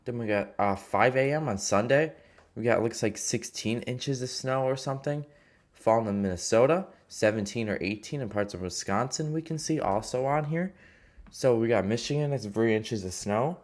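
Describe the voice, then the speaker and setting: A man's voice: mid-range voice, normal speed. A man casually talking through weather forecast maps, rambling with many fillers and restarts. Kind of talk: casual weather map walkthrough.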